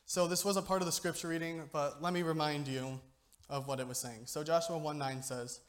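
A young lay speaker gives an informal youth sermon at church in a fairly high, fairly even voice, talking fairly quickly. He jokes and chats, often checking in with listeners by asking "okay?"

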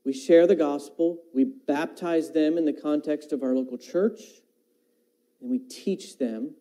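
A man's voice: fairly high pitch, measured pace, mellow. A man preaching a sermon in an earnest way, repeating phrases and asking the listeners rhetorical questions. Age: adult parent.

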